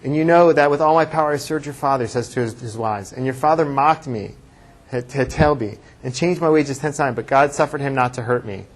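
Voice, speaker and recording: A rabbi teaching a classroom lecture, thinking aloud and reading verses aloud with emphasis, with class discussion. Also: male voice, mid-range voice, a little fast.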